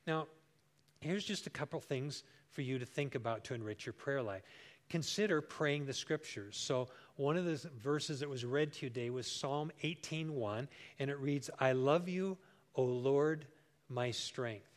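Here a pastor in his sixties delivers a sermon, spinning a homely story with warmth. He speaks at normal speed in a mid-range voice, performing each quoted voice with big leaps.

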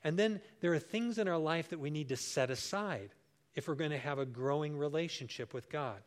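In this clip a man in his sixties, serving as pastor, preaches a sermon built around a homely story. His voice sits fairly high and moves a little fast, and he tells the tale warmly, acting out the voices he quotes with big jumps.

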